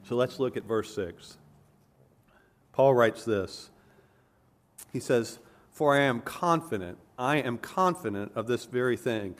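An earnest man delivering an expository sermon at a middle pitch. He explains patiently and leans into key words with emphasis. Now and then he backs up and restarts a phrase mid-thought. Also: slow, long pauses. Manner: earnest, emphatic teaching with self-corrections. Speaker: preacher.

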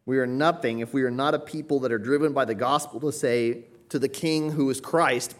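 A man's voice: medium pitch, fairly even intonation, fairly quick, hardly any pauses. A man preaching an expository sermon in a conversational teaching manner, rising to emphatic cries when he voices the pleas he quotes. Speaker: pastor.

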